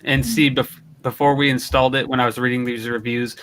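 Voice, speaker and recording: Rambling man with a bright voice. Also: medium pitch, flat delivery, brisk. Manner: rambling, hesitant, many restarts. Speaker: paranormal investigator. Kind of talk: casual chat.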